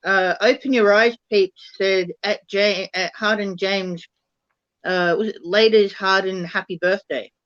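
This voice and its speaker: A man's voice: high-pitched, fairly even intonation, fairly bright tone, dry recording, dull audio. A man co-hosting a stream, teasing and butting in with jokes. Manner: teasing, jokey, quick to butt in. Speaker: co-host. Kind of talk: casual banter.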